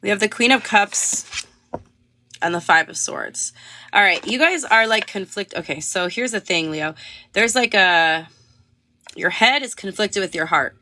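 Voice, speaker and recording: A woman's voice: medium pitch, animated, unhurried, bright, forceful tone, a little hiss or hum. A young woman chatting casually on a livestream while reading tarot cards, rambling with lots of fillers. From Canada. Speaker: tarot reader.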